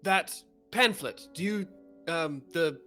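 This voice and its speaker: A man playing a tabletop game, casually joking and swearing in halting speech. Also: fairly high pitch, pushed and bright, soft background music. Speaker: player.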